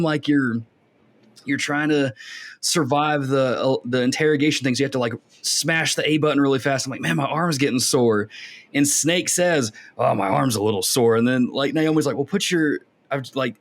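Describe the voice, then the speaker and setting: A man hosting a casual gaming podcast, telling stories with lively reenactments of his younger self. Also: medium pitch, brisk. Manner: animated storytelling, acts out his younger self. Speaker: podcast host.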